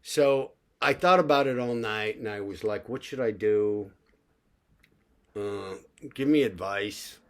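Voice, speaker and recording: A man's voice: fairly low pitch, takes it slowly. An older man talking in a casual, rambling vlog monologue, full of fillers and asides. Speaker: vlogger.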